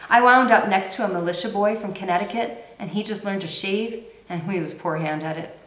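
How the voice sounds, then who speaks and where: A woman's voice: medium pitch, brisk, fairly bright tone, lightly acted. A woman voicing a grim, weary young male soldier telling a somber war story in a roomy space. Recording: roomy echo.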